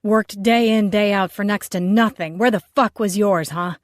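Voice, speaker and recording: A woman voicing a cranky, hot-tempered man who speaks loud, slow and with heavy emphasis. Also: medium pitch, no room sound, clean studio sound, close to an everyday voice. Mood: angry.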